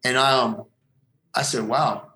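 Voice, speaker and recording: A man's voice: medium pitch, a little fast, a bit bright. A man giving a personal faith testimony as an interview guest, earnest and rambling, repeating phrases for emphasis.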